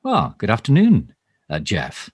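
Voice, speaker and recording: A husky, low-ish male voice with huge pitch swings and a measured pace delivers a full character voice as a satirical, self-important minister. Pompous and overly formal, he stammers and rambles through ums and restarts in an improvised comic monologue styled as a mock live stream, recorded with no room sound.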